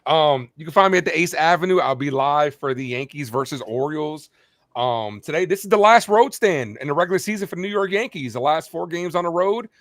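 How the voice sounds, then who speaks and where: A man's voice: on the high side, lively intonation, a little fast, fairly bright tone, no echo, clean studio sound. A man co-hosting a casual sports podcast, talking as a fired-up, rambling baseball fan. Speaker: play-by-play streamer and co-host.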